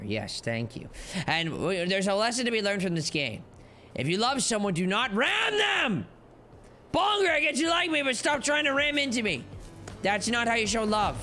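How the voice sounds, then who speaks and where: Man, gameplay commentary, higher voice, wildly swinging pitch, excitable, game music behind. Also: moderate pace. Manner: excitable, shouts and squeals at the game, playful baby talk. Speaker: let's play host.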